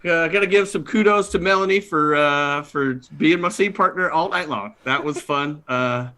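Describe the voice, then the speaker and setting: Bright, high-voiced man hosting a comedy show. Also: moderate pace. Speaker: improv performer wrapping up the show. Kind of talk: casual closing chat.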